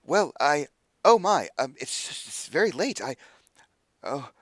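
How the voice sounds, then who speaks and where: A man's voice: slow, dry recording, heavily acted. A man voicing a nervous, flustered male scholar who stammers and trips over his words. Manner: stammering, flustered, high and excited.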